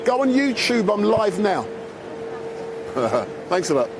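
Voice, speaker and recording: A man's voice: sits high, big pitch swings, moderate pace, music in the background. A man doing a chatty live interview on a busy city street, holding a handheld mic. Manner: chatty, exclaiming. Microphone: handheld microphone. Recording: noisy street, traffic behind.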